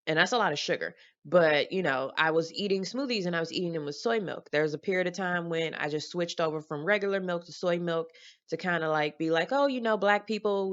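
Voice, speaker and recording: A woman with a lowish voice rambles candidly to her camera at home. She swears freely and fills her talk with ums. The sound is dull and lo-fi. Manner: rambling and candid, with frequent fillers, swearing and laughter. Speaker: vlogger. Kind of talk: casual vlog chat. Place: home room lit by daylight. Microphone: camera mic.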